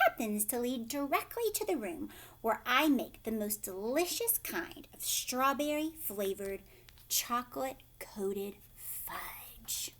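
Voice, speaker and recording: Mr. Wonka, hushed and impish, read by a woman. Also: high voice, heavily acted. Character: whimsical giggling male chocolate maker, eccentric.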